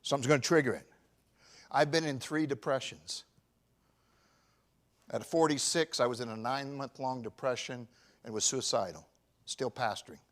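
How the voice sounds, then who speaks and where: A pastor in his fifties preaching a sermon, swinging from shouted emphasis to quiet, personal confession. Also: mid-range voice, normal speed, pauses often. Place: church.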